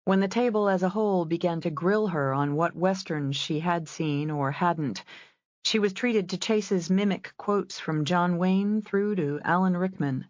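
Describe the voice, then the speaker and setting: A woman narrating a romance audiobook in a measured storytelling style. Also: on the low side, darkish tone, dry recording, dull audio. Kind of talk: scripted narration.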